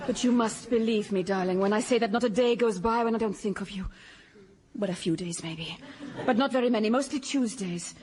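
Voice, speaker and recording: An actress playing a melodramatic Swedish former sweetheart in a radio comedy, rambling and breathy. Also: female voice, medium pitch, a little fast, a little mellow, some chatter behind, close to an everyday voice. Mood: wistful. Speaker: lead character in radio sitcom.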